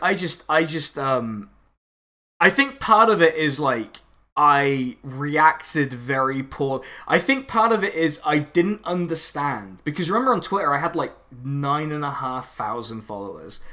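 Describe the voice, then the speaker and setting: Sardonic non-binary streamer, bright voice. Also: mid-range voice. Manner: sardonic, ranting, lots of filler. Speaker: streamer chatting over lunch. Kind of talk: casual chat.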